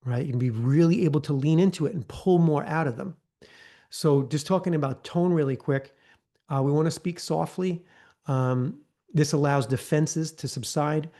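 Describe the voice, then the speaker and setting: A man's voice: on the high side, normal speed, warm tone. A man leading a live online training, coaching in a conversational way and often checking in with "okay?" and "right?". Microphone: video call.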